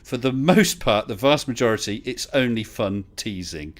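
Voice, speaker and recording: A man's voice: mid-range voice, expressive, moderate pace. A man from the UK hosting a casual live online chat, chatty and teasing, laughing often. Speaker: livestream host.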